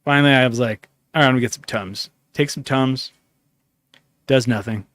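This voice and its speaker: A man's voice: mid-range voice, normal speed, fairly bright tone, dry recording. A man hosting a podcast, telling a long story in a loose, rambling way with plenty of swearing, acting out bits of dialogue as he goes. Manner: rambling, profane, acts out his own dialogue. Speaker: podcast host. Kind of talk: casual storytelling chat.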